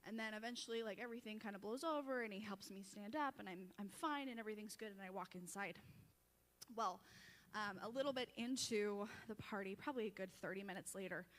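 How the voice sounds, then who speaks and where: A woman's voice: mid-range voice, fast, fairly bright tone, in a large hall. A young woman giving a chatty, self-deprecating farewell tribute at a church service, often breaking into laughter. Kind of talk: casual storytelling speech.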